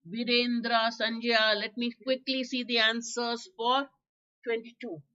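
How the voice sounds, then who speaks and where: Woman, Indian English accent, hoarse exam-prep teacher; bright, high voice, muffled stream audio. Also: level tone, measured pace. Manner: chatty, quizzing students by name, coughing. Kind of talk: live online vocabulary class.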